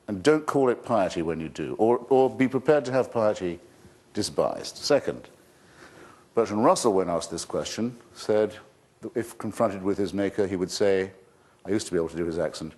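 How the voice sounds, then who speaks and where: A low-pitched man fields audience questions with sardonic, combative eloquence. His sentences build into long rhetorical runs. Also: expressive, normal speed, darkish tone. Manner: wry, combative, articulate. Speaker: speaker answering audience questions. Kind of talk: public Q&A debate.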